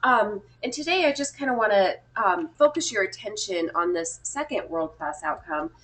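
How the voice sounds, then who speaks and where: A woman's voice: mid-range voice, expressive, moderate pace, fairly bright tone. A young woman teaching a small class, encouraging and chatty with frequent ums. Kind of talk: classroom lesson.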